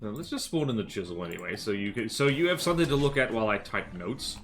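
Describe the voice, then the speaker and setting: A man's voice: fairly low pitch, big pitch swings, quick pace, a bit bright. A man from the American South talks through a game on a live stream in a loose, rambling way. He keeps restarting his sentences and filling the gaps with "like" and "uh". Faint music plays underneath. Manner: rambling, many fillers and self-corrections. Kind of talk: casual live-stream gameplay commentary.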